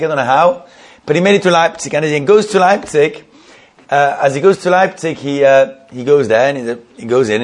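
A man with a husky, slightly raised voice tells a Hasidic tale at a brisk clip. He keeps circling back, repeating phrases and restarting sentences, and drops Yiddish words into his English. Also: on the high side. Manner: repeats and restarts often, Yiddish terms sprinkled in. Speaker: storyteller.

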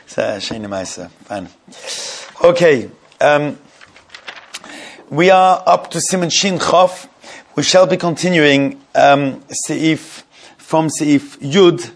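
A man leads an informal Torah class, moving in and out of storytelling with a slow, halting, conversational flow. His voice is gravelly and a little husky. He laughs here and there as the tale unfolds. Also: medium pitch. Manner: halting, conversational, laughs while telling stories.

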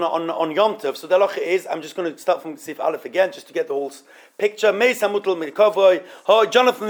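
A man teaching an informal Torah study class, halting and often repeating words as he explains. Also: on the high side.

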